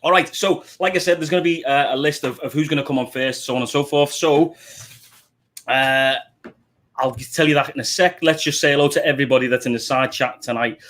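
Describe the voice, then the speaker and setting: Man, Liverpool accent, middle-aged, casual live-stream host, chatty, greets everyone as mate, mid-pitched voice. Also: fairly even intonation, a little fast, fairly bright tone. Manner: chatty, greets viewers one by one with "mate" and "buddy". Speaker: livestream host.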